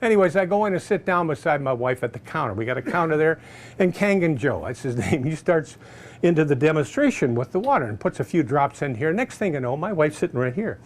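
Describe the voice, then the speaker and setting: A man telling a personal story casually, animated and acting out other people's voices. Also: fairly high pitch, fairly quick. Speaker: customer giving a testimonial.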